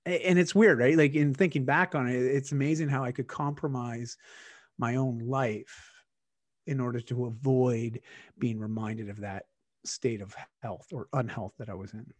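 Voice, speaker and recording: A man's voice: mid-range voice, fairly even intonation, normal speed, no echo. Candid man telling a personal story. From Canada. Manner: candid, reflective, many restarts and fillers.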